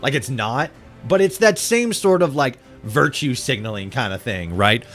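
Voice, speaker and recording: A man's voice: medium pitch, lively intonation, normal speed, fairly bright tone, soft background music. A young man chatting casually on a live stream while gaming, rambling and swearing heavily with many restarts. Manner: rambling, profane, full of restarts and laughs.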